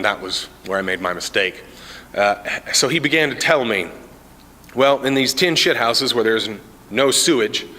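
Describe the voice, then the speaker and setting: A man tells comic stories in a casual, deadpan way, stumbling over "uh" fillers. His voice is bright and forceful at a middling pitch. The sound carries a long reverb from an indoor common area. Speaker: amateur stand-up comic, Army sergeant. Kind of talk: stand-up comedy storytelling.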